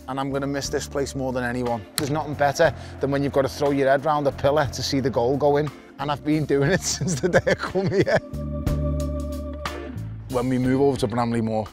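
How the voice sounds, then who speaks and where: A man with a thick Liverpool accent talks in a casual documentary chat. He is blunt and passionate, with a joking edge, and his voice sits at an ordinary middle pitch. Music plays clearly behind him. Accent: Liverpool (Scouse). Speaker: football fan on a stadium tour.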